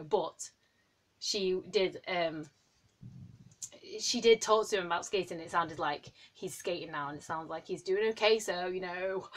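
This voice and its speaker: A woman in her late twenties chatting to camera in a rambling, excitable way, full of ums and likes. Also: fairly low pitch. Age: 20s. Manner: rambling and excitable, heavy with fillers. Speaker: vlogger. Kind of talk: casual chat to camera.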